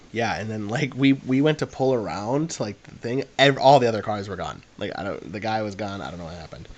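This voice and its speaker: A man's voice: fairly low pitch, lively intonation, brisk, dull audio. A young man, co-hosting a podcast and telling a long, rambling anecdote in casual chat, full of fillers. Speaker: podcast co-host.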